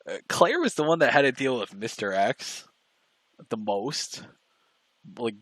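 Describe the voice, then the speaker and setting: A man in casual chat on a live stream, rambling and halting with restarts and fillers. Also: medium pitch, fairly bright tone, no room sound. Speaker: stream co-host.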